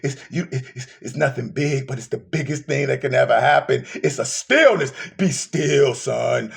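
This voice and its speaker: A man preaching an emotional sermon, swinging from shouting to hushed whispers. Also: medium pitch, lively intonation, normal speed, gravelly, few pauses.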